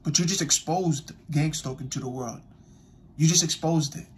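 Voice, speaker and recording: A man's voice: fairly high pitch, normal speed. A man speaking, giving impassioned online commentary, emphatic and repetitive, addressing his audience directly.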